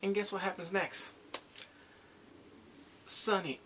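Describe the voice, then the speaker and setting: A man recapping a drama episode in a casual, excited way, acting out the characters' lines and his own reactions. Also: a little high, moderate pace, gravelly, slight background noise. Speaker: drama reviewer.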